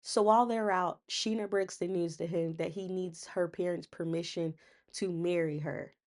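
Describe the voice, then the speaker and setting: A young woman with a slightly low voice talks through a reality show episode in a chatty, sassy way. Her slangy side comments keep the retelling loose and playful. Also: fairly even intonation, normal speed, darkish tone. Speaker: recap channel host. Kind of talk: casual TV recap monologue.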